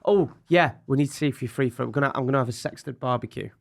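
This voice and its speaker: A man co-hosts a podcast in a chatty, teasing, jokey manner. His mid-pitched voice has a heavy, gravelly creak running through it. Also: fast talker, slight background noise. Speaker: podcast co-host. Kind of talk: casual podcast chat. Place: studio.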